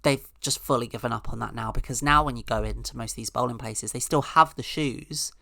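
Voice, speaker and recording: A woman's voice: extremely low pitch, a little fast, creaky, pushed and bright, no echo, studio quality. A woman hosting a podcast, telling a rambling, sarcastic comic story with mock-outraged asides. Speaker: podcast host. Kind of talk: casual comedic monologue.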